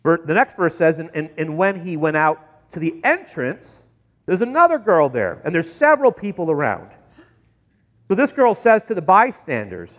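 A middle-aged man delivers a sermon from the pulpit, his voice sitting high for a man. He tells the story vividly, slipping into the voices of the people he quotes. The long reverb of the church sanctuary trails behind each phrase. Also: huge pitch swings, moderate pace. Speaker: pastor.

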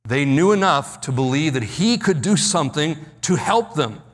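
Preacher, male, slightly high pitch, acts out quotes, reverberant hall. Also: sing-song. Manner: dramatic, acts out Bible quotes, slows for emphasis. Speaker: pastor. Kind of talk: sermon.

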